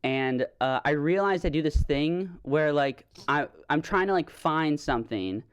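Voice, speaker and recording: A man's voice: fairly high pitch, lively intonation, clean tone, muffled recording. Young man rambling in casual podcast chat. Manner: rambling, halting, lots of fillers. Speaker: podcast co-host. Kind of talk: casual chat over video call. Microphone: video call.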